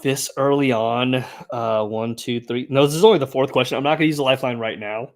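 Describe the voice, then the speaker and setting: A man co-hosting a laid-back streamed trivia show. He mulls over answers out loud, trailing into strings of ums and uhs. His voice sits in an ordinary middle pitch. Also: fairly quick, creaky. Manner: thinks aloud with many fillers. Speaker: trivia contestant and co-host. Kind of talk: casual live-stream chat.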